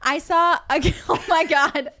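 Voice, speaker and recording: A woman's voice: very high-pitched, steady tone, slow, sharp tone. A young woman co-hosting a casual podcast, chatty and giggly. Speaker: podcast co-host. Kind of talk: casual couple chat.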